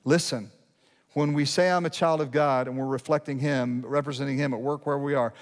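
A middle-aged man preaching a sermon to his congregation in a conversational way, often restarting his sentences and slowing down to read verses. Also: fairly high pitch. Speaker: pastor. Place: church sanctuary. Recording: long hall reverb.

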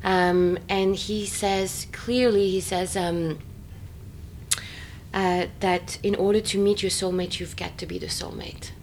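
A woman in a casual, expressive chat, full of fillers and quick laughter. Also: mid-range voice, slight background noise. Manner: chatty and expressive, many fillers, frequent laughter.

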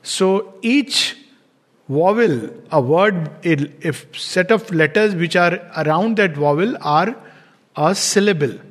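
A man giving a calm, unhurried spiritual lecture, with soft chuckles. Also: sits high, long reverb tail. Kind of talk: reflective spiritual talk.

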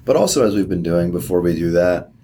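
A man co-hosting a book show, talking casually in a relaxed, hesitant way with many fillers. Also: low voice, fast, slight background noise. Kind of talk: casual chat.

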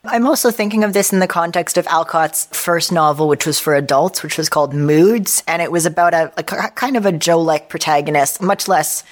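A woman with a low voice hosts a casual book podcast, reading passages aloud between comments. She laughs easily and keeps the chat relaxed. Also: a little fast, few pauses. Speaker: podcast host.

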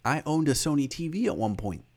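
A man's voice: on the high side, sing-song, brisk, a little mellow. A man co-hosting a casual podcast chat, swearing freely and ranting about films. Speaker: podcast co-host.

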